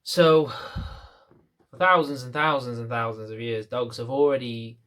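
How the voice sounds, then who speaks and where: A man's voice: mid-range voice, unhurried, fairly bright tone. A man, a dog trainer, talking casually to camera from a chair, with many fillers and restarts. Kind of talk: unedited talk to camera. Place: indoors, seated in a chair.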